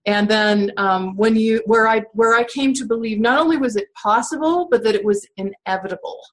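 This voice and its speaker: A woman hosting a conversation, speaking in a measured, reassuring way. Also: a little high, low-quality recording. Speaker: host. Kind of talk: casual chat.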